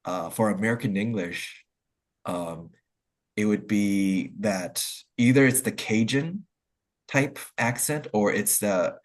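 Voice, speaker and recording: A man hosting an online English conversation call, talking in a relaxed, hesitant way with lots of fillers and restarts. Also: fairly low pitch, takes it slowly. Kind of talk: casual group video call chat.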